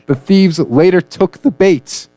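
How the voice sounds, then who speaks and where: A man's voice: high voice, sing-song, slow, darkish tone, dry recording. A man co-hosting a comedy news radio show, joking and punning through the stories. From United States. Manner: jokey, punning, playful delivery.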